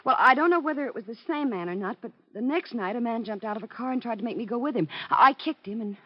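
A woman's voice: a little high, animated, fast talker. An actress playing a feisty young woman photographer in danger, in a dull 1940s radio drama recording. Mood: worried. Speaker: restaurant photographer.

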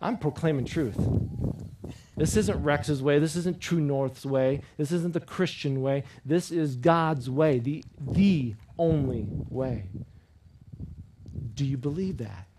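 Against a noisy background, a pastor with a higher-leaning voice takes his sermon slowly and earnestly. He repeats key phrases in call-and-response with the congregation, shifting from loud, emphatic lines to quiet personal appeals.

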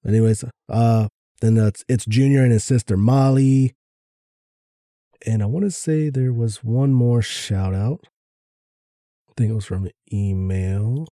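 Man, podcast co-host, laid-back, rambling, very dark mellow voice, dry. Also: fairly low pitch, measured pace, long pauses, no echo. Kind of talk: casual podcast chat.

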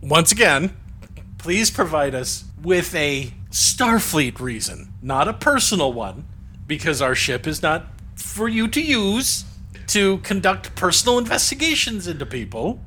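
A man's voice: a little high, big pitch swings, measured pace, pushed and bright, slight background noise. A man improvising a stern, exasperated officer lecturing a subordinate in a comedy podcast. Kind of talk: improvised sci-fi comedy role-play.

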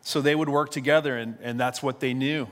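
A man preaching a storytelling sermon in an easy, conversational way. He repeats words as he restarts his sentences. His voice has a middling pitch and rings out in the long reverb of a hall. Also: steady tone, fairly quick, a bit bright. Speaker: pastor.

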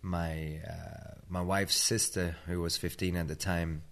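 A man from Sweden with a British-tinged accent, a tired interview guest speaking in a measured, matter-of-fact way. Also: low voice, level tone. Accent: British-tinged Swedish. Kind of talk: interview conversation.

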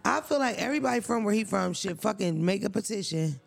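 A man co-hosting a casual podcast chat, with a gravelly edge that keeps slipping into fry. He tells stories bluntly and profanely, with animated emphasis. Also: high voice, fast talker. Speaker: podcast co-host.

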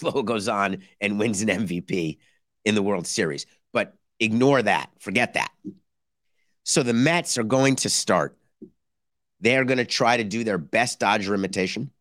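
Sarcastic low-voiced man riffing on baseball. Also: normal speed, a bit bright, dry recording, clean studio sound. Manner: sarcastic, acts out mock dialogue in bursts. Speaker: podcast host. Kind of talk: animated baseball commentary.

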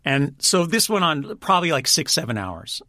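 A man's voice: on the high side, big pitch swings, moderate pace, sharp tone, no echo. A man being interviewed, telling stories in a chatty way, laughing often and restarting his sentences. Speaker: guest, director and writer. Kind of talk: casual storytelling interview.

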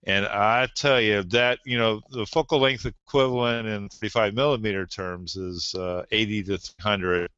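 A man who is a podcast guest, talking gear in a casual chat and often pausing with "uh". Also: fairly low pitch, steady tone, pushed and bright, smooth, dry recording, muffled recording. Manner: gear-focused, hesitant, many uhs.

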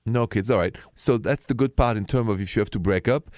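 A man's voice: on the low side, a little fast, darkish tone, no echo, clean studio sound. French-accented male radio advice host. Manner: frank, emphatic, direct. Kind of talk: call-in relationship advice.

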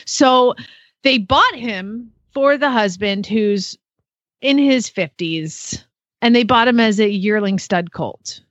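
A woman hosting a casual podcast who tells horse stories animatedly, with quick asides. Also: on the high side, fairly bright tone, dry recording, highs cut off. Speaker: podcast host and horse trainer.

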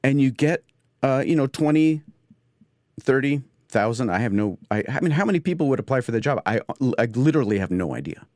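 A man hosting a podcast, talking in an excitable, rambling comedic monologue from his studio. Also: mid-range voice, brisk, no echo. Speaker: podcast host. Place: home studio.

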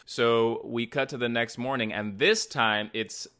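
Podcast co-host, young man, bright tone, animated recap style, acts out dialogue. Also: mid-range voice, measured pace, smooth. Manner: animated retelling with acted-out lines. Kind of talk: casual movie recap chat.

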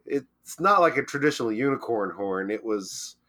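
Podcast guy, deadpan, crude goofy storytelling, regular male voice. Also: mid-range voice, normal speed. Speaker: podcast co-host. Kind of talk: comedic storytelling chat.

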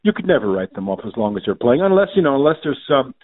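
A man's voice: medium pitch, big pitch swings, fast. A man as a tennis journalist guest on the phone, rambling with lots of fillers and restarts. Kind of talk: phone interview. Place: phone line from afar. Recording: tinny phone line.

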